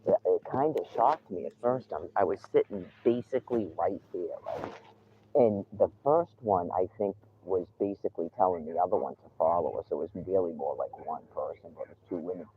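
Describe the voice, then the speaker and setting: A male livestreamer broadcasts from an outdoor campsite, talking casually and ranting indignantly while swearing freely. His low voice moves briskly, and the tinny, phone-like stream carries a little hiss or hum.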